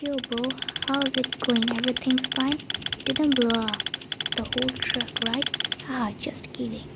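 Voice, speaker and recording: A woman's voice: high voice, fairly even intonation, unhurried, very noisy. A woman, commenting nervously on a horror game as she plays, often dropping to a whisper and pleading. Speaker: gamer playing a horror game. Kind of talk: casual gameplay commentary. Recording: loud typing and clicks behind.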